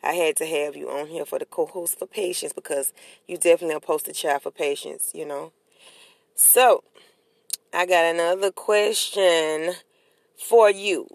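A podcast host, talking in a casual, animated and preachy way, often repeating short affirmations. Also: mid-range voice, normal speed, gravelly, no echo. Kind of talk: casual chat.

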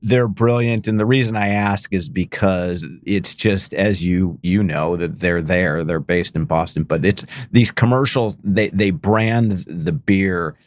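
A man hosts an interview show in a lowish voice, recorded dry and close with no room sound. He talks in a friendly, chatty way. His questions wander before reaching the point. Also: measured pace, few pauses, no room sound. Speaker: podcast host. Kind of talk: casual interview conversation.

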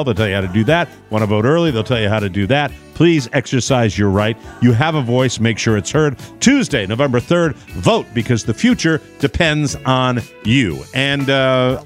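A man hosting a radio talk show, bantering casually with his co-hosts and reading announcements with chatty asides. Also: mid-range voice. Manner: lively, with chatty asides and fillers.

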